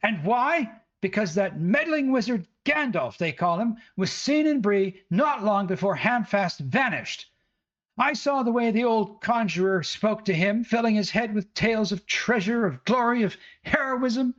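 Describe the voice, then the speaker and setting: A man's voice: high-pitched, lively intonation, unhurried, fairly bright tone, dull audio, voice pushed up. A man doing a furious broom-waving village mother. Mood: furious scolding. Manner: scolding, indignant ranting.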